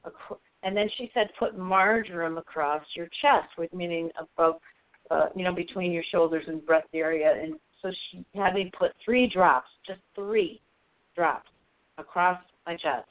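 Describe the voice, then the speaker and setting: A woman guest on a radio show, telling a personal story in an earnest, halting way with many fillers. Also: fairly low pitch, dry recording. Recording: thin phone line, dry.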